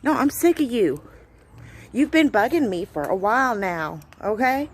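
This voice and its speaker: A woman's voice: on the high side, very animated, moderate pace, a little hiss or hum. A woman filming on her phone outdoors at home, casually scolding and trash-talking a stray bird. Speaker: vlogger. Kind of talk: casual phone-video commentary.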